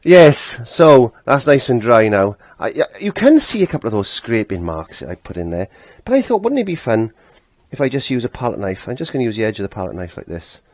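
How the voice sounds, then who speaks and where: A man's voice: fairly low pitch, sing-song, fast, few pauses, no room sound. A middle-aged man teaching a casual painting lesson, chatty and laughing at himself, trailing off when he concentrates.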